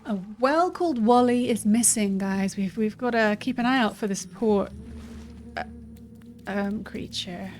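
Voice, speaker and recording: A woman's voice: mid-range voice, a little slow, a little mellow. A woman casually commenting while she plays a fantasy game and reads dialogue options aloud. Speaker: streamer playing a game. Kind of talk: casual let's-play commentary. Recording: faint background noise.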